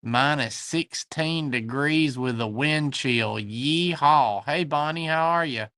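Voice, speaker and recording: A man's voice: a little high, unhurried, sharp tone, smooth, dry recording. A man with a Southern US accent hosting a live online antique sale from his shop, chatting folksily and greeting viewers by name. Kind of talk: livestream chat, reading viewer comments.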